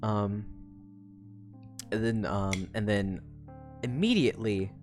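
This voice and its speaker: A woman's voice: very deep voice, slow pace, faint music behind. A woman streamer casually recapping a story, swearing a lot and laughing often. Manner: profane, animated, laughs often.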